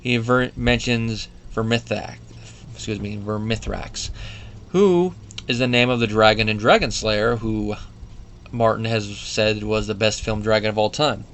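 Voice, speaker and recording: A man in his thirties with a somewhat low voice chats his way through an episode review, wandering into asides and quoting lines as he goes. A faint hum of room ambience sits behind him. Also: steady tone, measured pace, fairly bright tone. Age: 30s. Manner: chatty, digressive, with fillers and quoted asides. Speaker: show reviewer. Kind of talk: casual solo review commentary.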